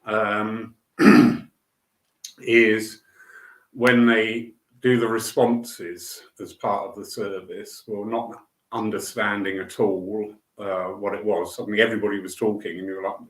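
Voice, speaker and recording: A man's voice: on the low side, fairly bright tone, reverberant, low-quality recording. A man, a spiritualist medium, talking casually to a live online audience and greeting viewers by name as he tells a story. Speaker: spiritualist medium hosting a weekly live talk.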